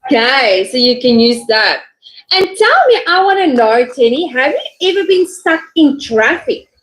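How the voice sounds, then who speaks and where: High-voiced woman teaching English online. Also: very animated, normal speed, slight background noise, poor audio. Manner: encouraging, acts out little dialogues with pitch swings. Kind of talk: online English lesson, coaching a student.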